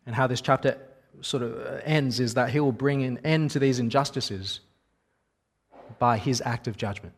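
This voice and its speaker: A man's voice: mid-range voice, normal speed. A man in his thirties preaching a sermon in a conversational, wry storytelling manner.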